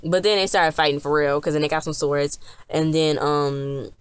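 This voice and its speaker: Low-voiced woman rambling through a recap. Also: fairly even intonation, normal speed, clear, resonant tone, dry recording. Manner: rambling, chatty retelling with many restarts. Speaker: TV episode reviewer. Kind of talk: casual episode recap.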